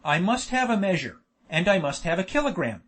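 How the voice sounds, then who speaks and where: A man's voice: sits high, big pitch swings, brisk, fairly bright tone, exaggerated voice. A man doing a surly, demanding little professor. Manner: curt, insistent.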